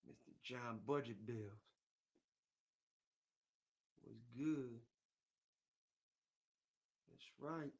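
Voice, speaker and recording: A man's voice: mid-range voice, drawn-out words, long pauses, darkish tone. A man hosting a casual livestream, rambling and venting, often repeating himself and reading viewer comments aloud. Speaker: livestream host.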